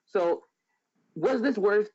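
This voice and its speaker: A man's voice: high voice, slow, a little mellow. A man giving movie news updates on a podcast in a loose, informal way. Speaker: podcast co-host reading news. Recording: dull lo-fi audio.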